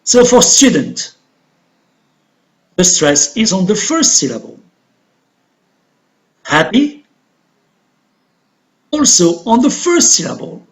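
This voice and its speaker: Slow, lively-voiced male English teacher. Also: high-pitched. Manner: slow, deliberate, repeats model words. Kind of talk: recorded pronunciation lesson.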